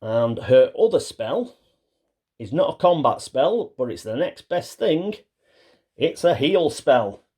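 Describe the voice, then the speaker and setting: A man's voice: a little high, sing-song, slow, warm tone, breathy edge. A man talking casually through a solo board game, reading card text aloud and sometimes stumbling over the small print. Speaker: board game player and channel host.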